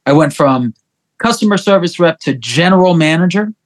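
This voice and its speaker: A middle-aged man chats as an interview guest, telling stories in an animated, profane way. His voice sits a bit higher than most men's. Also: moderate pace, crowd noise. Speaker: guest musician. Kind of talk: casual interview chat.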